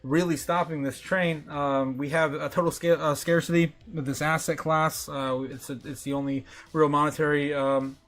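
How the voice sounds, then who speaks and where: Chatty male stream host, bright and a bit high, laughs a lot. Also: little pitch movement, moderate pace, hardly any pauses. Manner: giggly, filler-heavy, reads chat aloud. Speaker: livestream host. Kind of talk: casual livestream chat.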